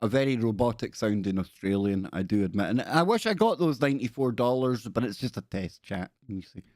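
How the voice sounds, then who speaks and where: A man's voice: fairly low pitch, expressive, brisk, a little mellow, no room sound, clean studio sound. A man hosting a casual livestream, reading viewer stories aloud with playful, rambling asides and jokey spooky voices. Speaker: livestream host.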